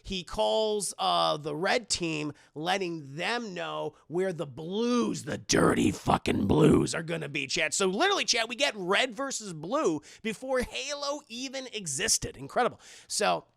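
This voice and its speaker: A man's voice: sits high, expressive, measured pace, creaky, hardly any pauses, pushed and bright, dry recording, studio quality. A man casually retelling a horror movie to a livestream chat, rambling and profane, often talking straight to the viewers. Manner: rambling, profane, talks to chat, many restarts. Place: home streaming setup.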